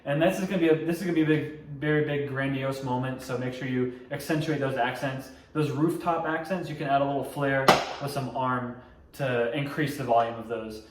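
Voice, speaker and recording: A man's voice: mid-range voice, a little fast. A young man casually teaching drumline parts step by step, scatting rhythms as he explains. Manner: relaxed, explains step by step, scats drum rhythms. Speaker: drumline instructor. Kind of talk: casual instructional tutorial. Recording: echoey room, mic at a distance, loud noise.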